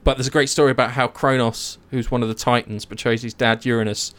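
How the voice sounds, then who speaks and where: A young man casually retelling myths, animated, swearing and acting out the characters' lines. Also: medium pitch, fast. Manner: animated storytelling, swears, acts out quotes. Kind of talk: casual chat.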